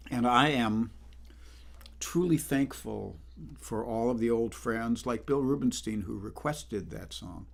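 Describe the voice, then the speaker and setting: Slowing down now, the older man keeps greeting viewers by name and rambling casually between songs during his home livestream concert. His voice is medium-pitched and creaky, recorded on a livestream microphone.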